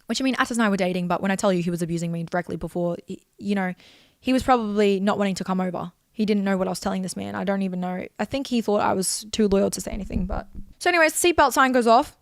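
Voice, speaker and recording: A woman's voice: mid-range voice, vocal fry, no room sound, studio quality. A young woman telling a raw personal story, emotional and full of swearing. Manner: rapid, emotional, swears often.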